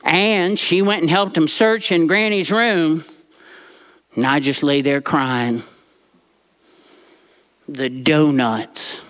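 A man telling a personal story to a live audience in an animated, expressive way. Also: fairly high pitch, slow pace, long pauses.

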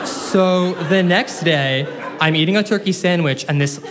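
A young man telling a funny personal story on stage, animated and self-mocking with quick asides. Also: sits high, heavy background noise. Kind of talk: live comic storytelling.

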